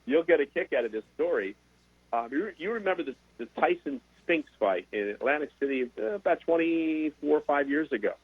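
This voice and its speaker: An older man, a sports broadcaster and guest, telling animated stories in a casual interview and repeating words as he goes. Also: on the high side, a little fast, breathy edge. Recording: dry, tinny phone-like sound.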